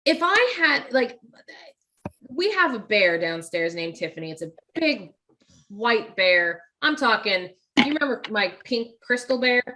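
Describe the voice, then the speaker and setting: Woman cohost, bright cutting tone, gets animated recapping scenes. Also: fairly high pitch, a little slow. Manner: animated, acts out quoted lines. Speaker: podcast co-host. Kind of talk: casual movie discussion.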